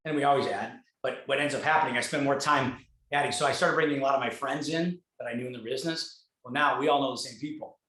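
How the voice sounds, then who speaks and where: Bright-voiced blunt man from Michigan. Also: mid-range voice, fast talker, hardly any pauses, roomy sound, poor audio. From Michigan, USA. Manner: blunt and swearing, acts out dialogue in animated voices. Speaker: guest speaker, real estate team leader. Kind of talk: casual conversational storytelling on a video call.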